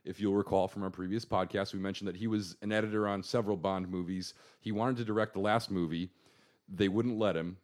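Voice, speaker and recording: A man's voice: sits low, fairly even intonation, a little fast, darkish tone. A man hosting a casual movie podcast, rambling and restarting his sentences, laughing often. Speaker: podcast host. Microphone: podcast microphone.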